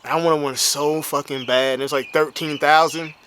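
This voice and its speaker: A man's voice: a little high, steady tone, fairly quick, a bit bright, a little hiss or hum. A man, a bodybuilder, telling a story in a casual, slang-heavy way that is full of "you know what I'm saying.". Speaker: bodybuilder and motivational speaker.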